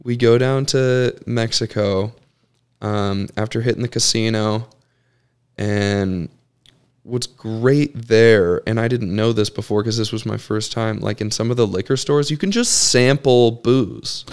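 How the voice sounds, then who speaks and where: A man's voice: fairly low pitch, a little slow, clean tone. A young man co-hosting a podcast, rambling through a story in casual chat. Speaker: podcast co-host.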